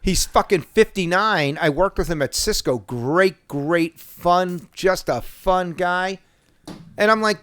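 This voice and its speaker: A man, telling stories in a casual podcast chat, profane and animated. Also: high-pitched, measured pace, no echo. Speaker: podcast host.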